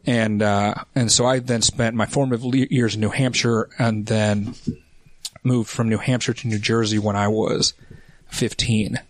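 A man's voice: lowish voice, fairly even intonation, a little slow, a little hiss or hum. Chatty laughing man in his forties. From United States. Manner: chatty, laughs easily, self-deprecating. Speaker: podcast guest, politician. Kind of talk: casual interview chat.

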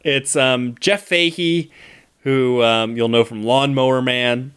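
A movie podcast co-host with a clear, resonant, slightly bright mid-range voice speaks slowly with fairly even intonation. His casual chat rambles enthusiastically and is full of fillers.

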